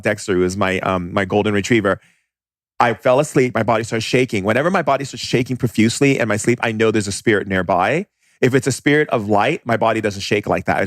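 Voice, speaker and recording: A man speaking as a podcast guest, telling stories bluntly and animatedly, in quick bursts with restarts. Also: on the low side, no room sound, studio quality. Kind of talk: casual storytelling.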